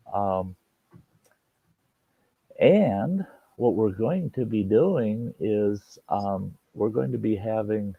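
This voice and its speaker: A man with a low, creaky voice hosts a late-night live stream, telling stories in casual chat, laughing often and swearing freely. The sound is dry, dull lo-fi stream audio.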